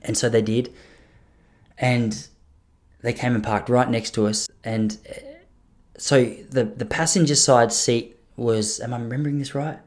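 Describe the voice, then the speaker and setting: A man's voice: medium pitch, a little slow, pauses often. A man, hosting a podcast and telling a long anecdote in a casual, self-mocking way, often restarting his sentences. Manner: animated, self-mocking storyteller, rambling with frequent restarts. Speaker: podcast host. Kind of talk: casual storytelling monologue.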